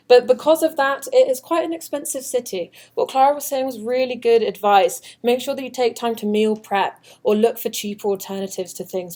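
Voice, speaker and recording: Young british woman doing an orientation talk, chatty and upbeat, cracks jokes, mid pitch. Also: a little mellow. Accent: British English. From United Kingdom. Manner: chatty, upbeat, joking with the audience. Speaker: study abroad orientation presenter. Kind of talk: orientation presentation.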